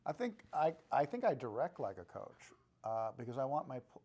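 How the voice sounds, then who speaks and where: An older man in his sixties speaking as an actor in an interview. He answers in a relaxed, thoughtful way at a mid-range pitch and often restarts his sentences. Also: normal speed, slightly rough. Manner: relaxed, reflective, with frequent restarts. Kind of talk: press junket interview.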